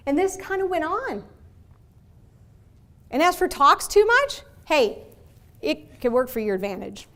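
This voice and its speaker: A woman with a mixed Michigan and Texas accent giving an animated motivational lecture, asking the audience questions. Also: high-pitched, measured pace. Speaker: guest speaker. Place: university lecture hall.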